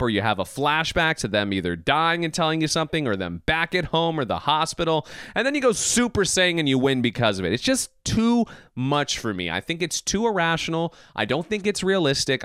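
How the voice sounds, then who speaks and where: A man hosting a podcast, ranting casually and excitedly, laughing and swearing as he goes. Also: on the high side, clear, resonant tone, dry recording, studio quality. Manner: animated, laughing, swearing, mock voices. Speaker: podcast host. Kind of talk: casual anime podcast rant.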